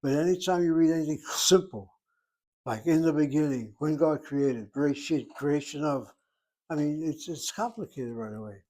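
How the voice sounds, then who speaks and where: Older man, teacher, patient lesson delivery, slightly high voice. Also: darkish tone. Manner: patient, explanatory, spells words out slowly. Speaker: Hebrew teacher. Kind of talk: classroom lesson.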